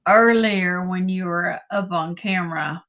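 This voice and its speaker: A woman's voice: on the low side, measured pace, a bit bright. A woman hosting a live online vintage sale, praising items enthusiastically and announcing upcoming shows.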